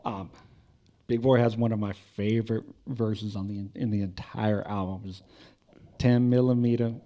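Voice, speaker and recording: A man's voice: on the low side, flat delivery, moderate pace, mellow, muffled recording. A man hosting a podcast, chatting casually and profanely about hip hop, with loose rambling restarts. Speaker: podcast host. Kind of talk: casual music chat.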